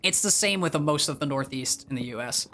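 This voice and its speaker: A man's voice: fairly high pitch, lively intonation, a little fast, sharp tone, slight background noise. A young man from the northeastern US, chatting casually on his livestream and rambling, with many fillers and restarts. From northeastern US, near Boston. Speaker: streamer.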